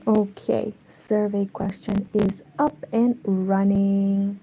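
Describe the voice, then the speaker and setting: A woman chatting softly in a hushed half-whisper at home, live-streaming and talking about her crochet. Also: mid-range voice, fairly even intonation, a little slow, creaky, poor audio. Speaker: crochet vlogger. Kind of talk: quiet live-stream chat.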